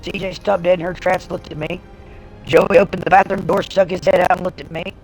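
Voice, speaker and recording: A woman's voice: lowish voice, level tone, brisk, darkish tone, soft background music, rough recording. A woman livestreamer telling a story in casual talk, blunt and heavily profane. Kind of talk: casual storytelling on a live stream.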